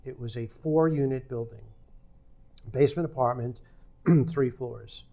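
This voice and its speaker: Older man telling a lively story. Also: medium pitch, unhurried, vocal fry. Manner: animated storyteller acting out quoted dialogue. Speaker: podcast guest. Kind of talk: conversational storytelling.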